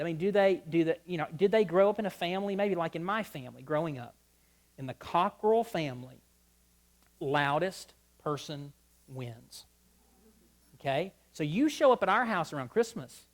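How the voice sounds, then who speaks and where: A middle-aged man giving a humorous marriage talk at a church conference, telling stories and acting out both sides of conversations. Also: high-pitched. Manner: lively storyteller, acts out both sides of dialogues. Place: church sanctuary before a live audience.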